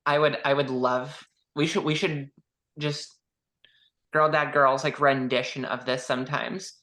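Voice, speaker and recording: A woman's voice: extremely low pitch, steady tone, a little slow, fairly bright tone. A woman co-hosting a casual podcast chat, telling stories in a dry, wry way. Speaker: podcast co-host.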